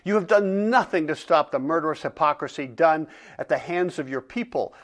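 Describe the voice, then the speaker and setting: A man's voice: on the high side, lively intonation, normal speed, close to an everyday voice. A man voicing a bitter, grieving man who mockingly accuses God in a dramatic reading. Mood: accusing.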